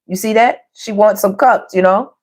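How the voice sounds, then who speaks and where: A middle-aged woman, a tarot reader chatting her way through a reading for her viewers. Her voice sits at an ordinary middle pitch, and her talk is loose, lively and full of slang. She keeps calling the listener baby and girl as she goes. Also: normal speed. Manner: chatty and animated, calls listeners baby and girl, laughs often.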